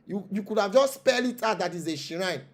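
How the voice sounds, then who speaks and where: A man's voice: sits high, lively intonation, a little fast. A man with a Nigerian accent quoting an indignant male landowner, with stammering, exclaiming protests.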